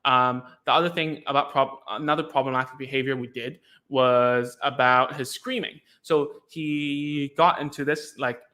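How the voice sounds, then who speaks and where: A young man talks in a relaxed, rambling way, leaning on "like" between thoughts. His voice is bright and forward, sitting at an ordinary middle pitch for a man. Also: moderate pace, few pauses. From Hong Kong. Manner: chatty, heavy use of "like", acts out sounds and reactions. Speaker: podcast host, former ABA therapist. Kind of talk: casual explanatory talk.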